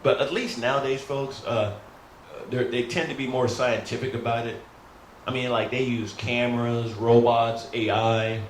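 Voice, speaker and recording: A man's voice: medium pitch, steady tone, moderate pace. A middle-aged man rehearsing stand-up comedy in a rambling, self-deprecating way, often calling out to the folks. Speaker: new stand-up comic. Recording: roomy echo, faint hum.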